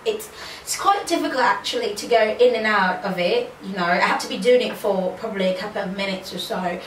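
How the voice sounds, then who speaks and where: A woman's voice: medium pitch, brisk, lightly acted. A woman putting on a chatty, breezy British accent, talking about how hard it is to keep up. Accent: put-on British. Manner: breezy, chatty, self-aware. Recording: roomy, distant from mic, faint ambient noise.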